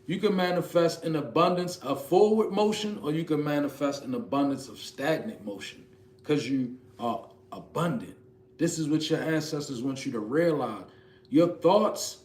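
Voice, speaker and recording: A man, preaching a spiritual message in an emphatic, rhythmic way with sudden soft asides. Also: fairly high pitch, echoey room. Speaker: spiritual reader.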